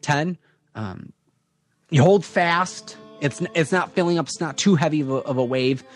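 A man narrating as game master of a tabletop game, describing scenes in a halting way with many fillers. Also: a little high, faint music behind.

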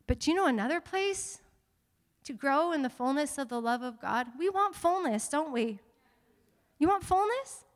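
Woman pastor, high bright voice, lively preaching with playful asides, long church-hall echo. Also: moderate pace. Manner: animated, playful asides to the congregation. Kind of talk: sermon. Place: church sanctuary.

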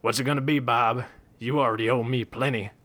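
A man's voice: mid-range voice, steady tone, a little fast, fairly bright tone, close to an everyday voice. A man voicing a furious, foul-mouthed frontier sheriff who screams and curses. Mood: smug. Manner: screaming, swearing, explosive.

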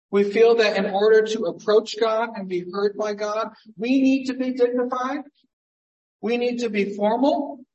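A male pastor delivers a sermon in a high, unhurried voice. He speaks earnestly and conversationally, leaning on rhetorical questions. The room mic sits far off, so his voice rings through an echoey church hall. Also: lo-fi sound. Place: church sanctuary.

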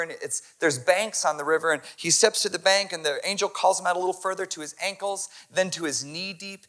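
A male pastor preaching an impassioned sermon that swings from hushed to loud. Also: high voice.

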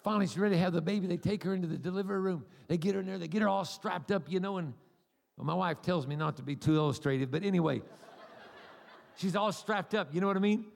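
Animated preacher with gravelly high voice. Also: male voice, quick pace. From United States. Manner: animated, acts out voices and cries; humorous, rambling asides. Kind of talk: sermon with storytelling. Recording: long hall reverb.

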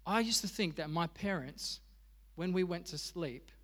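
A man's voice: high-pitched, measured pace, fairly bright tone, big-room sound. An Australian man preaching a sermon as pastor, telling stories with humor and animation. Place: church.

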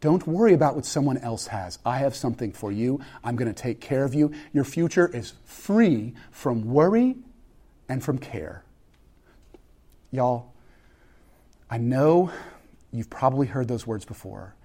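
A man preaching a sermon, swinging between joking, conversational asides and hushed, intense passages. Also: medium pitch, measured pace, long pauses. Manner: animated preaching with sudden loud peaks and hushed drops. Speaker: pastor.

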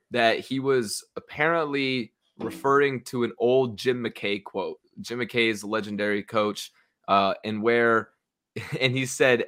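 A young man co-hosting a casual sports podcast, animated and swearing as he gets worked up about games. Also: medium pitch.

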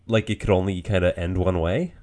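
Male podcast co-host, lowish voice, dry and relaxed, quick with a joke. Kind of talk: casual chat.

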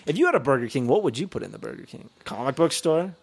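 Young male co-host, goofy riffer, lively up-and-down delivery. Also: mid-range voice, fast, gravelly. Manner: goofy, riffing, slips into silly voices. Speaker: podcast co-host. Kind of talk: casual chat.

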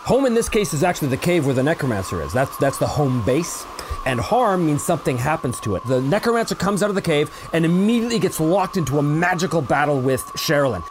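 A man's voice: fairly high pitch, very animated, quick pace, noisy background. A man narrating a tabletop role-playing game as game master, telling the story dramatically with fillers and restarts.

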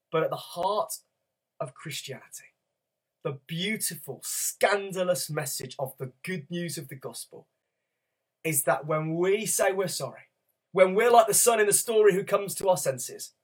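A man's voice: sits high, expressive, moderate pace, breathy edge. A man in his thirties preaching a sermon, telling stories and moving into rhythmic rhyming spoken word. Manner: storytelling, rhythmic rhyming delivery.

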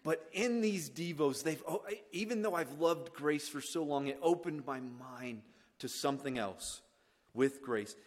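A man preaching a sermon as pastor, swinging from hushed lines to loud, emphatic ones. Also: on the high side, animated, measured pace. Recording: long reverb of a church hall.

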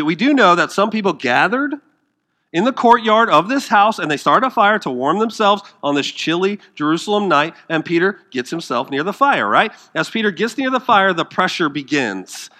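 A man delivers a sermon as pastor, with a fairly high, bright, forceful voice. He is dramatic, swinging from loud emphatic bursts to hushed near-whispers. He puts questions to his listeners and acts out the quoted lines.

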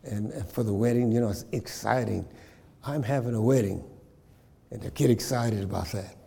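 A man's voice: fairly low pitch, moderate pace, creaky, dark tone, breathy edge. Preacher man in a reverberant church. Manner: call-and-response, repeats phrases, checks in with the congregation. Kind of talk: sermon.

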